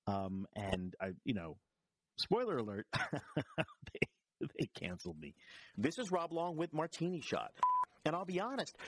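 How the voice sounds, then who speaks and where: A man co-hosting a podcast, telling a long anecdote in casual chat with many restarts and a dry tone. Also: on the high side. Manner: rambling, restarts, dry storytelling. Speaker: podcast co-host and commentator.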